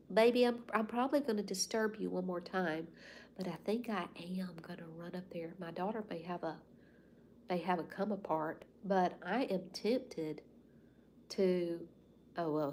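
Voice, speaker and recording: There's slight background noise as this lowish-voiced woman speaks at normal speed. A Southern host in her fifties, she chats casually with livestream viewers from home, rambling in a folksy manner with soft asides.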